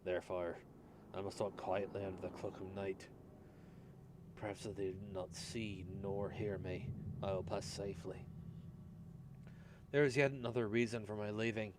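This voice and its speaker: A man doing a hushed Irish monk. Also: on the low side, steady tone, moderate pace, pauses often, lightly acted. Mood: hushed, grave. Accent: put-on Irish. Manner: hushed, grave reading. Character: fearful young male monk writing a journal. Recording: background noise.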